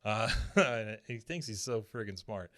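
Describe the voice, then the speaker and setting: A man's voice: on the low side, lively intonation, a bit bright. Man casually recapping a cartoon episode. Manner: acts out characters' lines in quick impressions. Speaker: podcast host.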